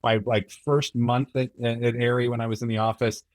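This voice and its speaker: A man's voice: mid-range voice, flat delivery, fairly quick, no room sound. A man appearing as a podcast guest, chatting casually and explaining at length with agreeable fillers and restarts. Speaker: camera product manager guest. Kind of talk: casual interview chat.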